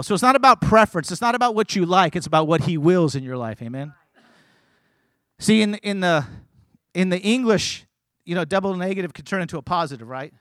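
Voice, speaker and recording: High-voiced man preaching with emphatic swings. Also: no echo. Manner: emphatic, swings between shouted lists and quiet asides; repetitive, rhythmic phrasing. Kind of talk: sermon to a congregation.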